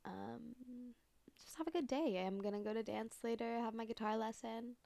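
A young woman hosting a solo podcast in casual chat, rambling with many fillers and swearing freely, sometimes dropping to a soft whisper close to the microphone. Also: on the high side, moderate pace, gravelly, no echo. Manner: drops to soft whispers at times. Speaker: podcast host.

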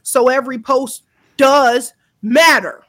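Woman co-host, higher voice, blunt and heated, swears a lot. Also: steady tone, slow, fairly bright tone. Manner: blunt, heated and emphatic, with profanity. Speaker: podcast co-host. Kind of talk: casual chat.

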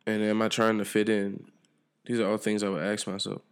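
Gravelly low-voiced man musing on his podcast. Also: completely flat delivery, brisk. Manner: reflective, loose and profane, trails off and restarts. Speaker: podcast host. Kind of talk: solo podcast monologue.

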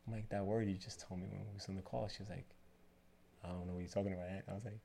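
A man with a deep, gravelly voice tells a personal story in a loose, rambling way. He quotes the other people in the story as he goes. A faint hum of background noise sits behind him. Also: very fast. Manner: rambling, animated retelling with quoted dialogue. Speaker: barbershop owner, guest. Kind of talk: casual storytelling interview.

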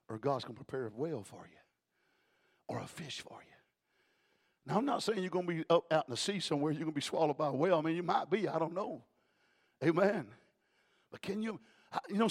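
A male pastor preaching a sermon in a rhythmic cadence, adding "uh" after each phrase and swinging between shouting and hushed tones. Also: high-pitched.

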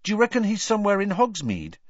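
A man voicing a hopeful teenage boy wizard who is quick to chime in. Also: sits high, wildly swooping pitch, no room sound, lo-fi sound, voice pushed up, heavily acted.

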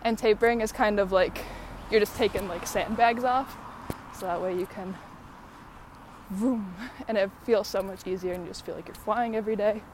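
Background noise accompanies a woman's steady, mid-range voice at a moderate pace. She's a podcast host chatting casually and aimlessly, winded from walking uphill, using many fillers and laughing often.

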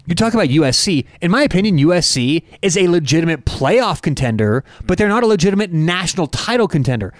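A man's voice: fairly high pitch, quick pace, few pauses, no echo, studio quality. A man co-hosting a casual sports betting podcast, talking animatedly and joking around. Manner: animated, jokey, breaks into put-on accents. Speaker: co-host.

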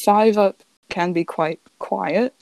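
A young woman on a casual podcast, deadpan and rambling as she talks. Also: medium pitch, takes it slowly, creaky, dry recording, rough recording. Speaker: podcast co-host. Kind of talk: casual chat.

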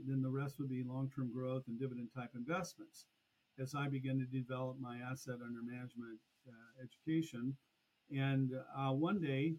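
A middle-aged man, a podcast guest, telling a long story in a lively conversational way. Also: mid-range voice, slightly rough, lo-fi sound. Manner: animated, acts out past conversations. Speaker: podcast guest, annuity expert.

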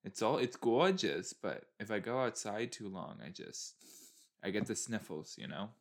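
A man's voice: fairly low pitch, lively intonation, normal speed. A man in his early twenties chatting casually as he reacts to a TV episode, exasperated and talking back at the screen. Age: early 20s. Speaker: show reaction host.

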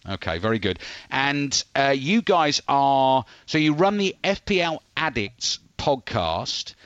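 A man's voice: medium pitch, big pitch swings, slow pace, a bit bright, clean tone, no echo. Brief: jokey podcast host, man, dead-dry slightly muffled sound. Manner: joking, self-mocking interviewer. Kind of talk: casual podcast chat.

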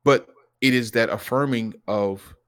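Give me a man chatting on a podcast, animated and earnest, with a medium-pitched voice. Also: a little slow, clean tone. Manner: animated storytelling, acts out his son's lines; earnest and reflective. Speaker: podcast co-host. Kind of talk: casual conversation.

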